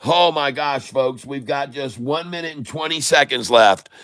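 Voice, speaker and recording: A man hosting a live day-trading stream, excitedly calling out share prices and exclaiming to his viewers. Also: medium pitch, moderate pace, clear, resonant tone, no echo. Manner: exclamatory, rattles off prices, addresses viewers as folks. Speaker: day-trading livestream host.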